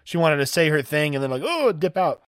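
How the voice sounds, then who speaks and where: A man's voice: on the high side, fairly even intonation, fast, smooth, no room sound, clean studio sound. A man co-hosting a podcast in casual chat, joking and laughing along with his co-host.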